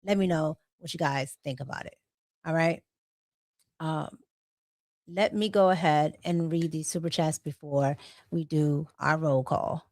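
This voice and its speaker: A woman's voice: low-pitched, steady tone, measured pace, pauses often, a little mellow, no echo, studio quality. A woman hosting a casual livestream, chatting, reading super chats aloud and laughing often. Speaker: livestream host.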